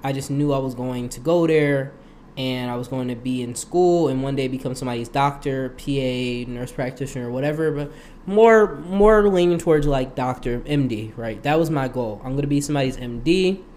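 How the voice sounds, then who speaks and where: A man's voice: mid-range voice, normal speed, darkish tone, slight background noise. A young man hosting his own podcast, talking casually in a rambling way and laughing often. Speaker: podcast host. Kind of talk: casual solo podcast monologue.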